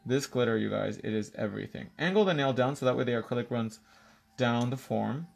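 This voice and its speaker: Gravelly man bantering through a nail demo. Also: mid-range voice, brisk. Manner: playful, bantering, drops in Spanish. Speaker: nail artist hosting a live tutorial. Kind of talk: live-stream nail tutorial.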